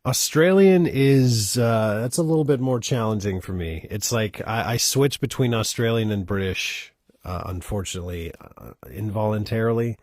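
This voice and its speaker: A man hosting a live stream who reads poems aloud and chats with viewers between readings, measured and soft, with many hesitations when he talks off the page. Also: lowish voice, dry recording, studio quality.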